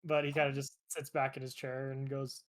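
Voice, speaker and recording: A man's voice: mid-range voice, little pitch movement, fairly quick. A man playing his character in a tabletop role-playing game, describing actions in a casual, hesitant way. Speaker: player.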